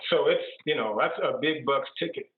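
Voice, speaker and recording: A man's voice: mid-range voice, normal speed, background noise. A male priest telling jokes and chatting playfully as a guest on a video call. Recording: tinny echoey video call.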